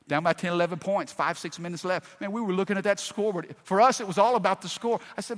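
A middle-aged man preaching a sermon, telling folksy stories and swinging from hushed to loud. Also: sits high, quick pace. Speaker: pastor. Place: large church hall. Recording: long hall reverb.

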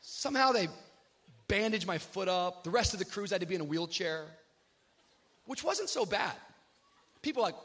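A man preaching a sermon, telling a funny personal story and acting out the voices with shouts. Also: high-pitched, fairly quick, long pauses. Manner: animated storyteller, acts out shouted quotes. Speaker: pastor.

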